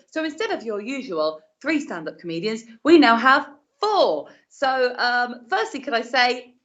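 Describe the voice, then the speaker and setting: A woman's voice: mid-range voice, sharp tone. A woman hosting a live-streamed comedy show from her living room, chatty, cheeky and sweary. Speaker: host and compere.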